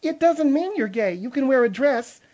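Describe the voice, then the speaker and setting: A woman's voice: sits high, animated, moderate pace, dark tone, highs cut off. A woman giving a mock-serious, fussy, indignant comedic report, easily irritated.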